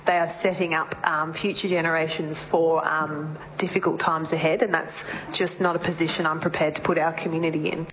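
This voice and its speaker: A woman, a councillor speaking firmly and deliberately in a meeting. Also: sits low, level tone, a bit bright, poor audio. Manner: firm, deliberate. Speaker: local councillor. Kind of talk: public statement in a meeting.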